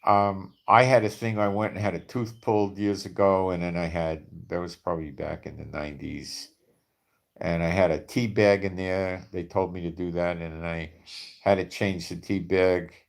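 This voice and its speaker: A man with a very low voice talks in a loose, rambling monologue. He is blunt and skeptical, piling up rhetorical questions and repeating points for emphasis. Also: fairly even intonation, normal speed, vocal fry. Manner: repeats for emphasis with frequent "okay?". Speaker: video commentator. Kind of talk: casual monologue to camera.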